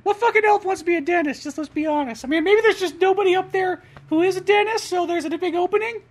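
High-voiced woman, fast talker, casual profane commentary. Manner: profane, laid-back banter.

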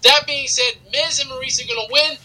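A man's voice: extremely high pitch, steady tone, fairly quick, pushed and bright. A man co-hosting a wrestling podcast, making emphatic joking rants about his picks. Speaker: co-host. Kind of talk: casual wrestling prediction chat.

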